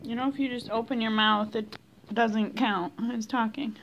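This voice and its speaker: A woman's voice: on the high side, fairly even intonation, normal speed, a bit bright, muffled recording, a little hiss or hum. A woman filming her cat at home on a phone, talking to it in a coaxing, sing-song baby-talk voice. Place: home indoors.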